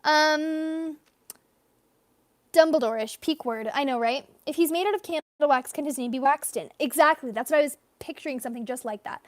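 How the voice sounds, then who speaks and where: A woman's voice: high voice, moderate pace, no echo. A young woman chatting casually with viewers as she draws on a livestream, rambling and reading comments aloud. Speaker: artist livestreaming a drawing session. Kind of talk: casual live-stream chat while drawing.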